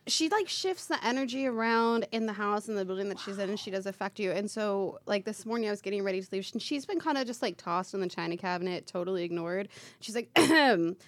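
A woman's voice: mid-range voice, quick pace. A woman on a talk show, a psychic ghost hunter, telling a story earnestly. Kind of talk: casual chat.

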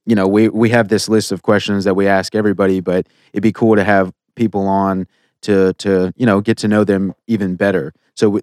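A man's voice: lowish voice, darkish tone, dry recording, studio quality. A man co-hosting a casual podcast, rambling with many fillers and restarts. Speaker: podcast co-host.

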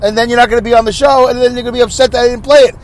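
A man's voice: very high voice, fairly even intonation, racing. A man hosting his own podcast in a chatty, rambling, wry monologue, talking on the road as motorcycles pass. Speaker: podcast host. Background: passing traffic.

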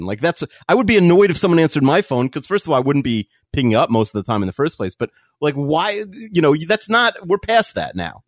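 A man co-hosting a podcast in casual chat, animated and rambling with lots of fillers. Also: on the high side, brisk, few pauses, no echo, clean studio sound. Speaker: podcast co-host.

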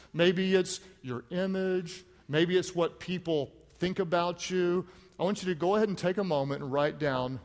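Animated high-pitched male pastor preaching. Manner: animated, rises to shouts for emphasis, calls on the congregation. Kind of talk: sermon. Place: large church auditorium. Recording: church hall with long reverb.

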